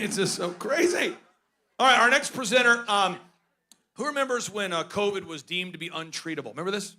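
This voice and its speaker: Guy hosting a conference cracking jokes, high gravelly voice, rambles all over. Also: fairly quick, slight background noise. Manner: joking, animated, rambling. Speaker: conference host. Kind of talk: comedic stage banter.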